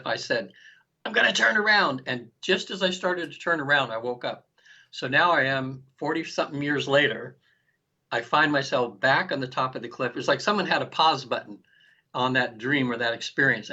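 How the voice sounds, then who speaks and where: A man in his sixties, an interview guest telling a personal story in an animated way, acting out quoted lines and often restarting his sentences. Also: mid-range voice. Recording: dull lo-fi recording.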